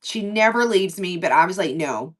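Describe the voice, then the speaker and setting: Captured from a distance, a livestream co-host talks at an ordinary pace through a lengthy, casual story. She's lively and swears a lot, performing what people said by dropping and raising her voice.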